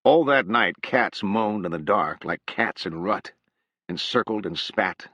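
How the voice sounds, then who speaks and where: A man narrating a literary novel in a measured, unhurried storytelling manner. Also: on the low side, lively intonation, pushed and bright, dry recording. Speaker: audiobook narrator.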